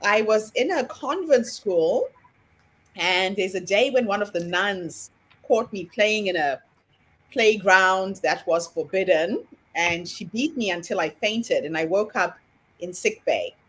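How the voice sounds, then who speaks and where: Woman on a video call telling her childhood story, breathy voice, steady. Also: mid-range voice, a little slow. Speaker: summit participant.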